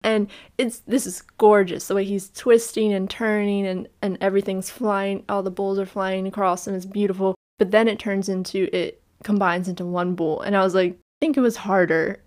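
An animated woman podcaster recaps a film in loose, casual chat. She laughs often and drops the odd swear, speaking at an ordinary middle pitch. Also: normal speed, few pauses. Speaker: podcast co-host.

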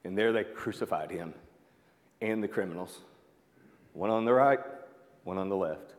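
A man's voice: deep voice, moderate pace, long reverb tail. A man preaching a sermon as pastor, conversational, with asides, fillers and calls of "amen" to the congregation.

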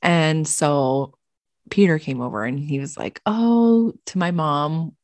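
A woman co-hosting a podcast, telling a story in a casual, animated way, swearing freely and laughing often. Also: sits low, measured pace, dry recording. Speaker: podcast co-host.

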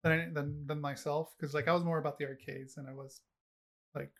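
A middle-aged man co-hosting a podcast chats casually and rambles, leaning heavily on fillers and laughing often. His voice is a little high and a bit bright, with little pitch movement and a fairly quick pace.

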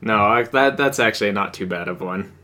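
A man's voice: lowish voice, brisk, sharp tone. A man, a guest on a podcast, trading teasing jokes in casual chat. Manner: joking, teasing banter.

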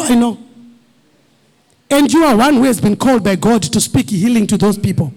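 A male pastor preaching a sermon, rising to shouted, crying peaks and repeating short refrains, with his voice sometimes drifting away from the mic. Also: very high-pitched, normal speed, creaky.

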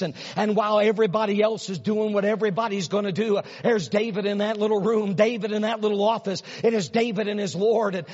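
Husky high-voiced preacher in echoing hall. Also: male voice. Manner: dramatic, swings from hushed near-whispers to loud emphatic runs; repeats words and builds rhetorical questions. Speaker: pastor. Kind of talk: sermon. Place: large church hall. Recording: dull, reverberant hall sound.

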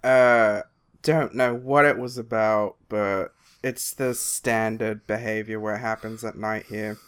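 A man in casual chat among friends, telling a story slowly with frequent laughs. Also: lowish voice, steady tone, fairly bright tone, clean tone. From lives in England.

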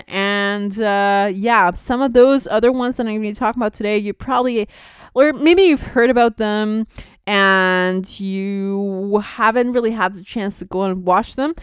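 A woman's voice: on the high side, moderate pace, smooth, no room sound, studio quality. A young woman hosting a podcast, chatting casually and rambling with frequent fillers and laughs. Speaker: podcast host. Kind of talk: casual chat.

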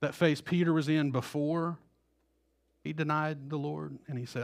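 A man's voice: fairly high pitch, fairly even intonation, normal speed, vocal fry. A male pastor preaching a sermon, acting out the quoted voices with rising intensity.

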